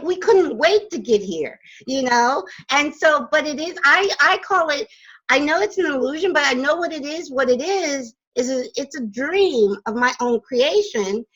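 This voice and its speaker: A woman hosting a casual spiritual chat from her home, enthusiastic and quick to laugh. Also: high voice, sharp tone, low-quality recording. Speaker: radio host. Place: home in the Poconos.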